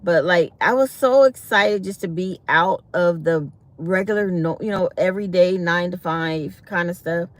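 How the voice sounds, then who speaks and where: A woman's voice: fairly low pitch, moderate pace, hardly any pauses. Woman w an aave on her live, chatty, tells stories and does the quotes, y'all every other line. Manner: chatty, talks to viewers as y'all, acts out quotes. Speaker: livestream host. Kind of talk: casual live-stream storytelling.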